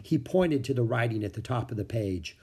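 Husky, expressive male storyteller. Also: medium pitch, fairly quick. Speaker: narrator. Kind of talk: children's book reading.

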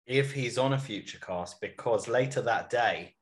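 A man's voice: mid-range voice, normal speed. A man hosting a podcast, recapping a reality show episode in a wry, casual storytelling way. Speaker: podcast host.

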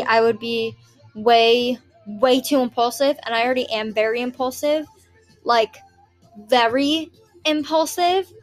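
A young woman chatting casually to her viewers, rambling and swearing with giggles. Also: a little high. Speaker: vlogger. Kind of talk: casual chat.

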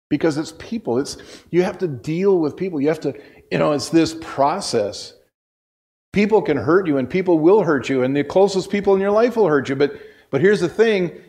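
A male pastor preaching a sermon in a church, telling a personal story in a conversational way that swings between loud bursts and hushed asides. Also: on the high side.

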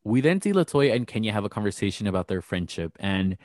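A young man with a lowish voice, recorded dry and close with no room sound. He hosts a casual recap chat, telling the gossip in a chatty way and leaning on lots of fillers like "like" and "um". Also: very animated, fast, a little mellow, no echo. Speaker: podcast host.

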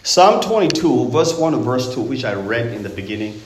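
Lively roomy-sounding man preaching. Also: mid-range voice, moderate pace, a little hiss or hum. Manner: emphatic, rhetorical questions to the congregation. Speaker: pastor. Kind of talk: Easter sermon. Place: church sanctuary. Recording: roomy echoing sanctuary.

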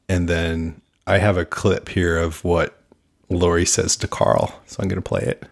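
A man's voice: low voice, little pitch movement, a little slow, vocal fry. A man co-hosting a fan podcast, talking casually and laughing often as he recounts scenes. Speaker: podcast co-host. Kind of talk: casual chat.

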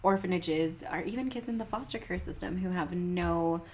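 A woman telling a story in a casual conversation, with an enthusiastic, animated way of talking. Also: fairly low pitch, normal speed, over a noisy crowd.

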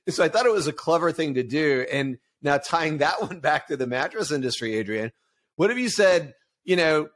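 Animated man in casual business chat. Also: a little high, normal speed. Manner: animated, acts out ad voices, laughs easily. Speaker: podcast co-host.

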